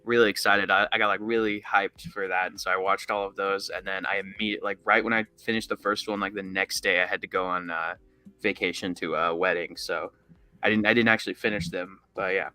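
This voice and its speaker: A man joins a film podcast as a guest, talking eagerly and tripping over restarts. His voice is low yet bright and forceful, and the sound is dry and close. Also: steady tone, a little fast, no echo, faint music behind. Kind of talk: casual film chat.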